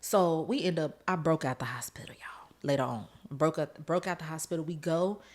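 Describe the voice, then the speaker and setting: A woman with a slightly low voice tells her own testimony on a podcast, speaking straight to her listeners. She is emotional and earnest, and she laughs through the tense parts of the story. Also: normal speed. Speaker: podcast host.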